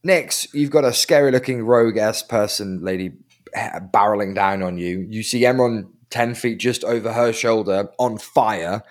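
Lower-voiced man running the game. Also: moderate pace. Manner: playful, rambling narration with slips and laughs. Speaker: game master. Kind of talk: narrating a tabletop game.

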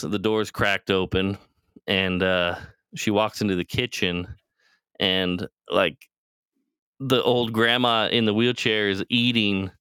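Bright, smooth-voiced man rambling casually. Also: on the low side, dry recording, studio quality. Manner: rambling, profane, acts out characters' lines. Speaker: podcast co-host. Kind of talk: casual chat, retelling a TV show.

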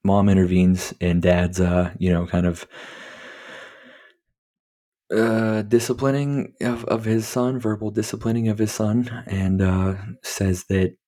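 Man, deep voice, dark mellow tone, casual movie review, rambling, swears, lots of fillers. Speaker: movie review podcast host. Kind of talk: casual spoken film review.

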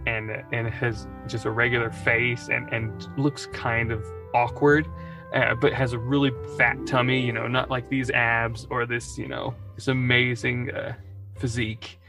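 Gravelly-voiced male game master, rambling narration with faint music behind. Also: mid-range voice. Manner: rambling, laughing often.

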